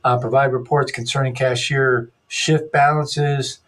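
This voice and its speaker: A man's voice: medium pitch, steady tone, a little slow. Rambling middle-aged male instructor. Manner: rambling, self-correcting, with dry sarcastic asides. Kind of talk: unscripted classroom lecture.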